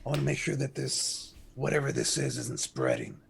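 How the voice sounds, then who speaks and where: A man's voice: mid-range voice, huge pitch swings, normal speed, creaky, slightly rough, heavily acted. A man voicing a stern male starship captain, grave and commanding. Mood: worried.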